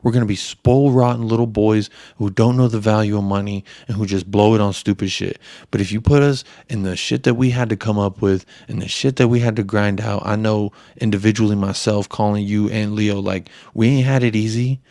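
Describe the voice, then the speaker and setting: A man's voice: fairly low pitch, steady tone, fairly quick, few pauses, dark tone, no room sound, clean studio sound. A young man hosting a podcast, telling stories in crude, profanity-heavy casual chat. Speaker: podcast host.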